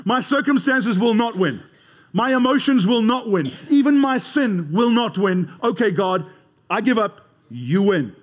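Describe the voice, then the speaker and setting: A man's voice: very high voice, animated, measured pace. A man preaching a sermon in a conversational way, leading the congregation in call-and-response. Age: 30s or older.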